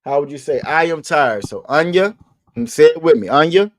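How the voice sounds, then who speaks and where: A man's voice: fairly high pitch, lively intonation, normal speed, no room sound, studio quality. A man teaching an online language class, patiently repeating his questions and joking casually with his students.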